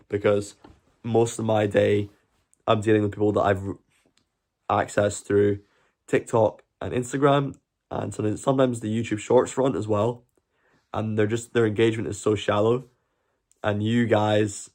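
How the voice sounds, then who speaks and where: A man's voice: lowish voice, steady tone, moderate pace, creaky. Earnest Scottish man chatting on a stream. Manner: earnest, rambling, talks to chat. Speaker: live stream host. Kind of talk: casual live stream chat.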